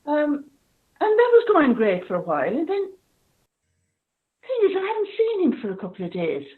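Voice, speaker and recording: A woman doing stand-up in a put-on Irish accent over a video call, wry and halting, with a mock-sad tone. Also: high voice, huge pitch swings, phone-quality sound. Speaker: stand-up comedian. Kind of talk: deadpan lockdown stand-up.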